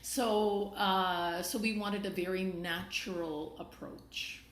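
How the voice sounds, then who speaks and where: A woman's voice: medium pitch, steady tone, takes it slowly. Canadian woman in an echoey room. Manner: thoughtful, explains at length with many fillers. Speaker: stage director. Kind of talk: interview answers.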